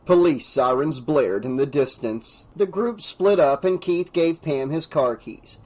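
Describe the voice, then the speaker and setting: A man's voice: measured pace, hardly any pauses, poor audio. A man reading an unabridged horror novel aloud, narrating with dramatic expression and raising his voice for the characters. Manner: voices characters with raised pitch and louder shouts. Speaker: audiobook narrator.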